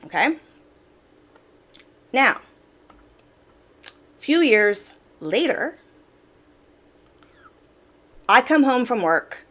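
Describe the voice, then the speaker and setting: A woman hosts an opinion commentary channel, laying out her points directly and casually and repeating words for emphasis. Her voice is fairly high, expressive, unhurried and a bit bright.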